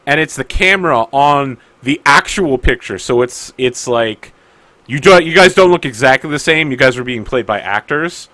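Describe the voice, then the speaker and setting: A man's voice: mid-range voice, expressive, normal speed, bright, forceful tone, no room sound. A man running a tabletop game as game master, narrating with playful teasing.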